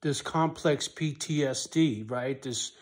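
A man with a mid-range voice vlogs to camera from his rural property, speaking slowly and deliberately with pauses. The personal vlog is emotional; he's blunt, swears, keeps repeating "right?", and his voice swells loud in anger before dropping quiet and soft.

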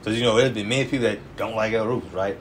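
A man's voice: on the low side, very fast, a little hiss or hum. A man who is a church elder, preaching in an informal, emphatic, colloquial way and often tacking "man" onto his phrases. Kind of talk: informal sermon teaching.

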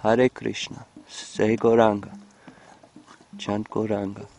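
A man's voice: lowish voice, completely flat delivery, takes it slowly, creaky, a little mellow, slight background noise. A man filming in a cold outdoor field, rambling and joking in loose commentary to the camera, breaking into chanted mantras. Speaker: vlogger filming animals.

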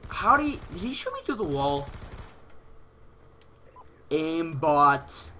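A teenage man commentating his own gameplay casually, excitable and swearing, with sudden yells at other players, on a headset mic. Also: a little high, takes it slowly, slight background noise. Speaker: gaming channel host.

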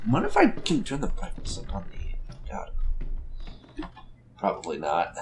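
A lively profane man playing a game. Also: fairly low pitch, measured pace, a little hiss or hum. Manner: joking, profane, reacting aloud. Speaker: let's play host. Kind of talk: casual gaming banter.

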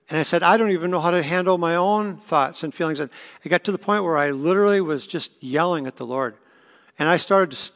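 A man's voice: a little high, gravelly, a bit bright. A man, preaching a sermon as pastor and telling personal stories earnestly, with restarts. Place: church sanctuary. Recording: long church reverb.

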